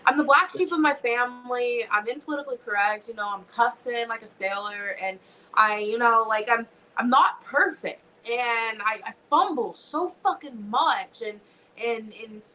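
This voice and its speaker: Bright-voiced, emotional young woman. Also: on the high side, moderate pace, a little hiss or hum, rough recording. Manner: emotional, swears freely, many restarts. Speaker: podcast guest, wrestler. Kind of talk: casual podcast chat.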